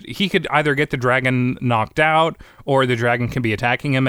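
A man's voice: mid-range voice, a bit bright, dry recording. Casual male co-host, rambly, filler-heavy, a bit sweary; dry close recording. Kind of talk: casual brainstorming chat.

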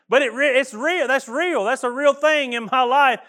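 A middle-aged pastor with a drawl delivers a sermon in a notably high voice. He speaks folksy and earnest, often stumbling and restarting his phrases. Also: normal speed, a bit bright.

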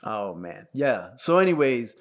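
A man's voice: mid-range voice, very animated, measured pace. A man co-hosting a podcast in casual chat, playfully teasing his partner and laughing often. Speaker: podcast co-host.

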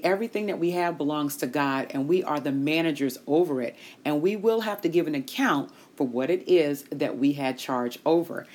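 A woman hosting a Christian podcast, with a lively, preacher-like, sing-song delivery, in her forties. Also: low voice. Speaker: podcast host.

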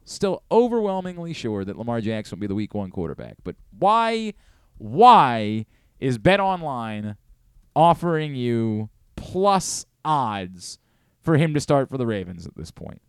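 Animated male sports radio host. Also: medium pitch, a little slow, clean tone, no echo, clean studio sound. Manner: rambling, self-deprecating, animated. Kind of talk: casual sports talk. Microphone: studio microphone.

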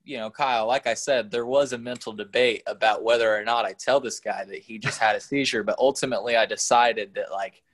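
A man's voice: mid-range voice, fairly even intonation, brisk, hardly any pauses, fairly bright tone. A man telling a story in a loose, rambling way, full of fillers and swearing, in a casual chat.

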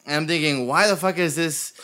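A man telling a story in a casual chat, cursing freely and often breaking into laughter at his own tale. His voice sits fairly high and has a bright, forceful edge. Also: fairly quick.

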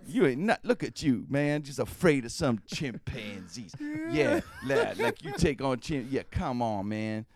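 Cocky street-tough guy with a gravelly, swinging delivery, a man doing the voice. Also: mid-range voice, animated, a little slow, few pauses, crowd noise. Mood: taunting. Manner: taunting, slangy trash talk.

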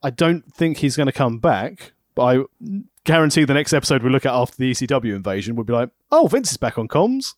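A man's voice: mid-range voice, fast talker, hardly any pauses, no echo, studio quality. A man co-hosting a podcast in casual chat, playful and talkative. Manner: chatty, playful, slips into mock-theatrical voices. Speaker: podcast co-host.

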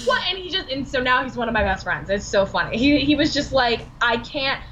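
A bubbly woman chats as a podcast guest, her voice bright and a little high, bouncing through stories where she acts out what everyone said. The recording is slightly dull with a faint hiss underneath. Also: brisk, few pauses. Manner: bubbly, animated storytelling with quoted dialogue and laughs. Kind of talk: casual interview chat.

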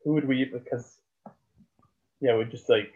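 A man's voice: mid-range voice, steady tone, a little slow, mellow. A man, rambling about basketball in casual chat with lots of fillers and swearing. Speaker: podcast co-host. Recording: tinny phone-like sound.

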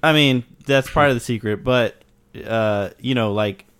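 A man's voice: medium pitch, measured pace, fairly bright tone, clean tone. A man co-hosting a casual podcast, explaining procedures in a matter-of-fact way and swearing casually. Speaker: podcast co-host. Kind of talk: casual chat.

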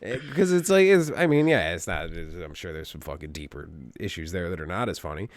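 A man's voice: low voice, fairly quick, no echo, studio quality. A man co-hosting a podcast, chatting crudely and telling stories with lots of swearing. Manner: profane, animated storytelling with jokey voices. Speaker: podcast co-host. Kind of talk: crude casual banter.

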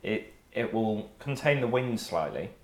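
A man hosting a casual fan podcast, chatty, quick to laugh and steering the topics along. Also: on the low side, sing-song. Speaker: podcast host. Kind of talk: casual chat. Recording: echoey room.

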